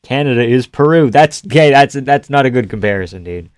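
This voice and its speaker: A man on a live stream reacts to fights, easygoing and full of swearing as he argues with chat. His voice sits at an ordinary pitch and sounds close and dry, with no room around it. At big moments he bursts into loud, excited shouting. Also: a little fast, no echo. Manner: casual, profane, answers chat, yells at big moments.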